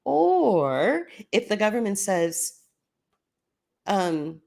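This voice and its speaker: A woman's voice: lowish voice, unhurried. A woman hosting a solo commentary podcast, talking casually as she walks listeners through documents on screen. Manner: conversational, explaining documents on screen. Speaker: podcast host.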